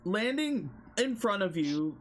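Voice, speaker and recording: Slow-talking man running a tabletop game. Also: high voice, sing-song. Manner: loose, rambling narration with fillers. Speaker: game master.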